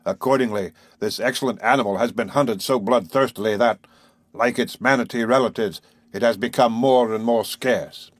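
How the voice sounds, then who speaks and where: A man voicing a calm, commanding male sea captain, speaking in a measured, formal way in a read-aloud story. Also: medium pitch, dry recording, close to an everyday voice.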